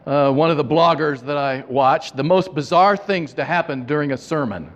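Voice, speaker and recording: A male pastor preaching, telling humorous anecdotes with dry asides before slowing into an earnest reflection. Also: on the high side. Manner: joking storytelling, then slow and earnest. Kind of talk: sermon. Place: church sanctuary. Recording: long hall reverb.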